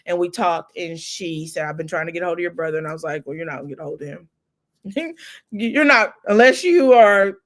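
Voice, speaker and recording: A middle-aged woman hosting a casual livestream chat, telling family stories in a warm chatty way, close to tears. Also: low voice, flat delivery, very fast. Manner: chatty storytelling with laughs and Southern "y'all". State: near tears. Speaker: livestream host. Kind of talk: casual chat with live viewers.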